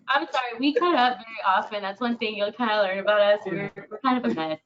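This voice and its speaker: A woman's voice: medium pitch, a little fast, a bit bright. A woman chatting on a video call, giggly and joking. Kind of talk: casual video call chat. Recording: muffled call audio with faint noise.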